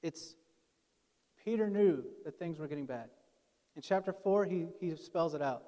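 High-voiced male preacher in a reverberant hall. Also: expressive, normal speed, warm tone. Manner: conversational preaching, voicing quoted speakers. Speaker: pastor. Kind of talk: sermon.

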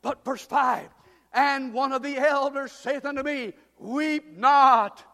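A fervent preacher with a very high voice, his words ringing through a church with a long hall reverb. He drives the sermon hard and swells into shouts. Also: level tone, unhurried. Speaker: pastor. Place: church sanctuary. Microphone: church PA microphone.

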